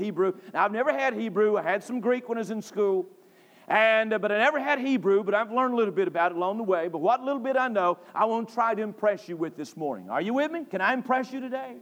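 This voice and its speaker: High-voiced preacher, emphatic. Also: male voice, expressive, fast talker. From North Carolina. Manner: emphatic, repetitive, rising to shouts. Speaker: pastor. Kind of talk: sermon. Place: church sanctuary.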